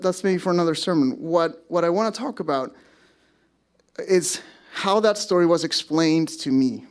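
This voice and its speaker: A man in his thirties from Mexico, a pastor giving a sermon as casual storytelling with self-deprecating humor. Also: on the high side.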